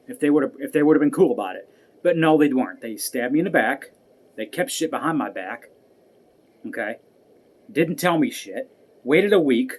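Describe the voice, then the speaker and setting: A man's voice: fairly high pitch, expressive, moderate pace, husky. A man vlogging an angry personal rant, profane and heated, repeating himself as he goes. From United States.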